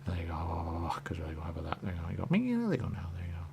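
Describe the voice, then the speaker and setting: Low gravelly man rambling. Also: monotone, very fast, background noise. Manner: repetitive, keeps saying "there you go", drifts into whispers. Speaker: radio talk host. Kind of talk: rambling stream-of-consciousness monologue.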